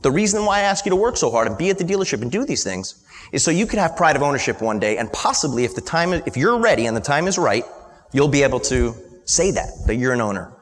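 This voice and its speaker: A man voicing his gruff, proud father. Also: fairly high pitch, very animated, fast. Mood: earnest proud. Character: stern middle-aged father, proud and gruff. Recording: long hall reverb from a live event.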